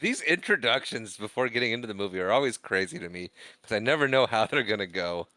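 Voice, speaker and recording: Co-hosting a casual movie podcast, a man with a lowish voice talks fast and animatedly, laughing often, poking fun at himself and reading the credits aloud. His tone is pushed and bright, with no room sound.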